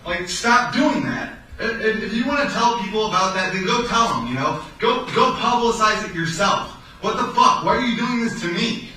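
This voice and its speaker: A man's voice: sits high, expressive, normal speed, few pauses, bright, forceful tone. A young man in his apartment, rambling in an agitated, aggrieved way, repeating himself and swearing. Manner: agitated, aggrieved, repetitive, profane. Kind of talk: rambling monologue. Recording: echoey room from far off, faint noise.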